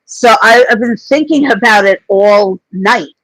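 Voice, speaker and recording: A woman's voice: on the high side, measured pace, fairly bright tone, no echo, low-quality recording. A woman hosting a casual livestream chat, telling rambling anecdotes full of fillers and restarts. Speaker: host.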